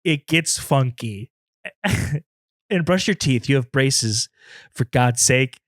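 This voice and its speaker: A man's voice: mid-range voice, expressive, slow pace, dry recording, clean studio sound. A man hosting a comedy podcast alone in his apartment, rambling and self-deprecating, turning emotional now and then. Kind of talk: improvised comedy podcast monologue.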